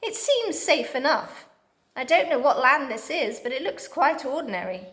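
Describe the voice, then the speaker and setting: Moonface, a woman doing an excitable fairy-tale man. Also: high voice, moderate pace, voice pushed up, heavily acted. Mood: worried.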